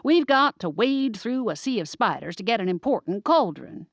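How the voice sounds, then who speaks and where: A woman voicing a brisk, commanding older woman giving orders in an audiobook. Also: a little high, sing-song, dry recording, pitched above the performer's own voice.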